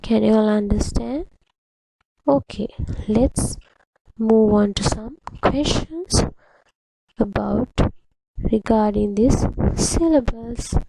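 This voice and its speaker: Slow, gravelly teacher woman. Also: fairly high pitch, mellow, rough recording. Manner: patient, repeats words syllable by syllable. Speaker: primary English teacher. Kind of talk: slow, deliberate classroom instruction to children.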